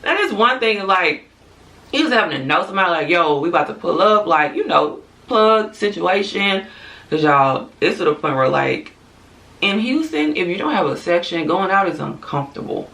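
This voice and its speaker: Blunt, bright-voiced woman vlogger. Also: mid-range voice, sing-song, normal speed, distant mic. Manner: blunt, profane, candid, with frequent asides and laughs. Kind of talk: casual opinion rant to camera.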